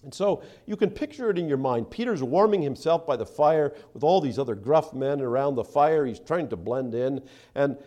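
A man preaching a sermon, acting out the speakers he quotes and dropping to soft asides between them. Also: medium pitch, animated, normal speed. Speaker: pastor.

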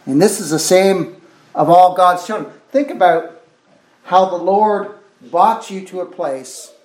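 A man's voice: high voice, a little slow, a little mellow, reverberant. A man preaching a sermon with fervor, repeating phrases and exclaiming "oh my" as he goes.

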